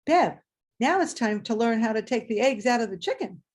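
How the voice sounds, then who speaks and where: A woman voicing a calm, practical old grandmother in a told story, matter-of-fact and soothing. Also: on the high side, moderate pace. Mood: instructive.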